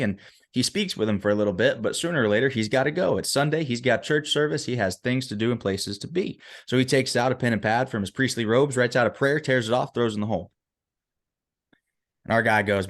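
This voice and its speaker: A motivational speaker tells a story as a podcast guest with a low male voice. He is emphatic and keeps checking in with the listener, which keeps the storytelling conversational. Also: quick pace. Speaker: motivational speaker and performance coach.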